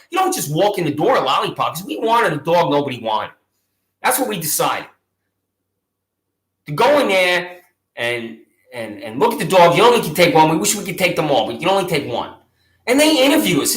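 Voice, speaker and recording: Combative male ranter, high-pitched and bright, sarcastic accusatory tone, roomy echo. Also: very animated, a little fast. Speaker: video channel host. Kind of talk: angry monologue to camera.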